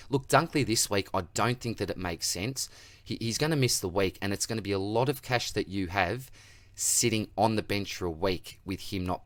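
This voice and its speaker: An Australian man hosting a casual Q&A that answers viewer comments, with a relaxed, matey manner, calling everyone mate and buddy. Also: low-pitched, no room sound. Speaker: fantasy football channel host.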